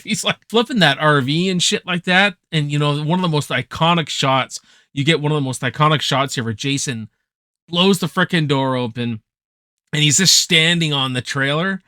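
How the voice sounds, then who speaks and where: A young man giving a casual, excited film review, swearing freely and packed with slang. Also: a little high, moderate pace, no echo, clean studio sound. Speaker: movie reviewer.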